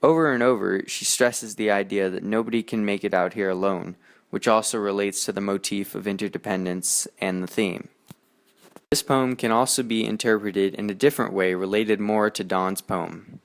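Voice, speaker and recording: A teenage boy reading his school poetry analysis aloud in a steady, earnest way, with small slips. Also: on the low side, moderate pace. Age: teens. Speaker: student presenter.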